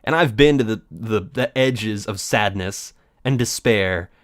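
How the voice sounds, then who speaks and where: A man's voice: fairly low pitch, unhurried, no room sound, studio quality. A man doing let's play commentary, rambling in a theatrical, mock-dramatic way.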